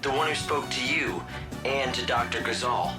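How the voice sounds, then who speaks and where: A man's voice: medium pitch, fairly even intonation, moderate pace, natural voice. An actor playing an earnest, supportive young male companion in a video game. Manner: earnest, helpful. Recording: game audio over clear music.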